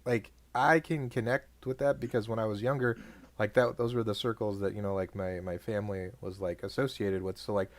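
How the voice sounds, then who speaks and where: A young man co-hosting a podcast, talking casually in a rambling way, full of "like" and quick laughs. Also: on the low side, steady tone, no echo. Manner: rambling, lots of "like", laughs often. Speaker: podcast co-host. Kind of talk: casual chat.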